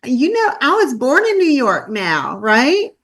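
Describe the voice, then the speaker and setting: Bubbly Southern woman, slightly high voice. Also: wildly swooping pitch, a little slow, fairly bright tone, husky. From Charlotte, North Carolina. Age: 50s. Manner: bubbly, effusive, chatty. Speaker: guest speaker. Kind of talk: casual webinar chat.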